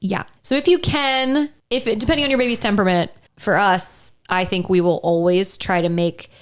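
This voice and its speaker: A woman's voice: medium pitch, steady tone, moderate pace. A woman co-hosting a casual podcast, talking animatedly, going into mock-indignant rants and laughing often. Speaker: podcast co-host. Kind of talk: casual chat.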